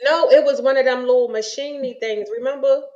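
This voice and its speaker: A woman's voice: high-pitched, fairly even intonation, a little fast, lo-fi sound, over a noisy crowd. A woman in a casual chat, telling stories and often trailing off mid-sentence.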